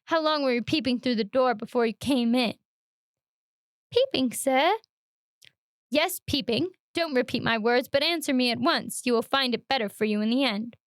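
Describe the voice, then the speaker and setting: A woman's voice: sits high, moderate pace, dry recording, clean studio sound, close to an everyday voice. Sweeney Todd, sinister barber, voiced by a woman. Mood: menacing. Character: sinister, oily male barber, menacing. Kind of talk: dramatic read-aloud.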